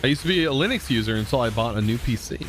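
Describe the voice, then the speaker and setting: A young man live streaming, chatting casually with viewers in a relaxed, rambling way full of fillers and restarts. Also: mid-range voice, very fast, slight background noise. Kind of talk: casual chat reading viewer comments.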